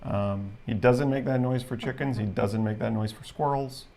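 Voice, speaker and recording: A man's voice: medium pitch, normal speed, warm tone. A man co-hosting a casual livestream chat, explaining things at length with frequent fillers. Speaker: livestream co-host.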